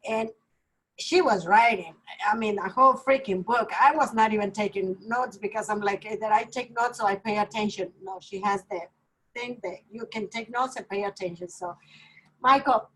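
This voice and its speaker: A woman team leader telling an animated story on a video call, acting out the lines of others. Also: fairly high pitch, normal speed, breathy edge, poor audio.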